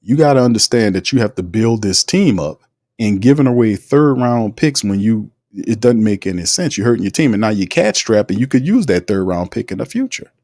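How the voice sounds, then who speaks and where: Man, sports stream host, slangy, animated, low voice, dry sound. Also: fairly quick, dry recording. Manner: animated, slangy, greets chat viewers. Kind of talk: casual sports commentary livestream.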